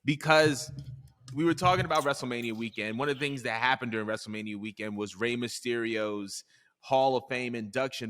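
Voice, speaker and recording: A man's voice: medium pitch, a bit bright, in a large hall. A man co-hosting a podcast in casual chat, steering the show and reading out the news items. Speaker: podcast co-host.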